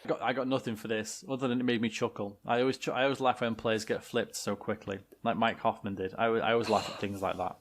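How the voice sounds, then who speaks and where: A man's voice: fairly low pitch, flat delivery, fast talker, hardly any pauses. Jokey British man on a podcast. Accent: British English. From England. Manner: jokey, exaggerated, laughs often. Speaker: podcast co-host. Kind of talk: casual banter.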